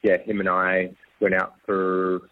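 Aussie guy rambling thru his story, lots of restarts, low voice, dry tinny phone sound. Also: completely flat delivery, a little slow, no echo. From Australia. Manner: rambling with frequent restarts and soft laughs. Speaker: interview guest. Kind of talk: casual conversational storytelling.

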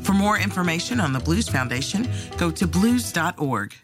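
Woman announcer, scripted closing read, low voice, lively pitch, guitar music behind. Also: moderate pace.

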